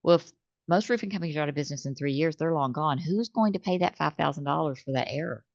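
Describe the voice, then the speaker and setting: A low-pitched woman, talking in a lively, conversational way as a guest on an interview. She tells stories and acts out the voices of customers. The recording is dry and a little dull. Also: fast, creaky, no room sound. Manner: animated storytelling, acts out customer calls. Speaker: business owner guest.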